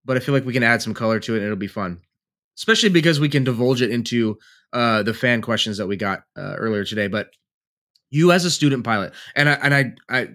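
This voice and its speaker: A man's voice: medium pitch, bright, forceful tone. A man co-hosting a casual podcast, a flight instructor who laughs easily and talks loosely with some swearing.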